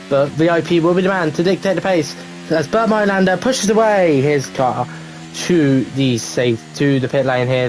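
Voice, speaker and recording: A British man calls a live sim racing event from home in a bright, high-pitched voice. He keeps up a chatty, casual patter with the odd swear and launches into rapid play-by-play when the action heats up. A faint hum of household noise sits behind him. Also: poor audio. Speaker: race commentator.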